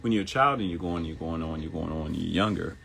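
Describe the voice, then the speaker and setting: A man in his fifties hosting a live morning show, giving a motivational monologue that repeats phrases and jumps into high mock voices for quotes. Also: quick pace, vocal fry, fairly bright tone, slight background noise. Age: 50s.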